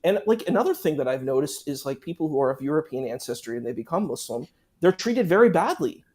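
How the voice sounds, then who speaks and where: A man's voice: on the high side, very animated, fast, a little mellow, husky. A man talking casually and heatedly, acting out other people's words with indignation.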